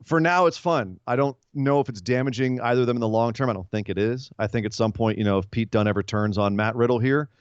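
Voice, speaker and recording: Podcast co-host, male, mid-pitched, rambling recapper on a dull dry mic. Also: clear, resonant tone, no echo. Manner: rambling, retells comedy segments with quick voiced asides. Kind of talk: casual wrestling recap chat.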